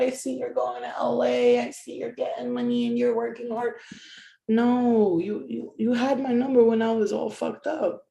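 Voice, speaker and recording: Woman vlogger, raised mellow voice, profane, blunt rhetorical rant, echoey room. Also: fairly high pitch. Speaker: spiritual reader, vlogger. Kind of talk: casual ranting monologue.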